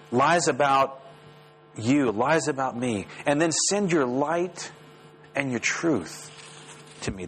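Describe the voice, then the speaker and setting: A man preaching a sermon as pastor, lively and rising sharply in pitch when he voices the prayers. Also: poor audio. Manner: animated, rises sharply when voicing prayers. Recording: faint mains hum.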